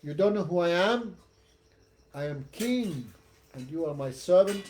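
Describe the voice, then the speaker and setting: A man's voice: sits high, lively intonation, a little slow, a little hiss or hum. Man playing a haughty, furious king. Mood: angry. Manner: sarcastic, then shouting threats. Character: arrogant, hot-tempered male king.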